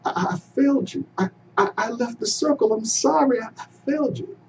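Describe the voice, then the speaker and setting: A man voicing a young African prince in a folktale, calling out in a high, urgent voice and stammering. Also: expressive, brisk, gravelly, darkish tone, slight background noise, exaggerated voice. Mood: remorseful. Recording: dull, slightly distant recording.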